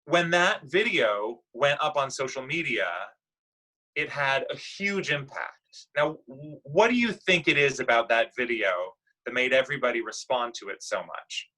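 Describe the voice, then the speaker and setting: A man's voice: medium pitch, animated, a little slow, pushed and bright, poor audio. A man leading a class discussion, patiently telling a news story to children and asking them guiding questions. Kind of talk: explaining current events to children.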